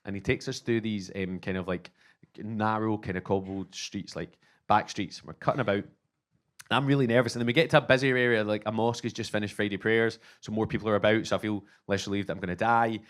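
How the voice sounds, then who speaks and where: A Scottish man in his thirties doing stand-up, telling an animated, self-mocking story and acting out both sides of the conversations. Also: on the low side, fast talker. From Scotland. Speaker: stand-up comedian.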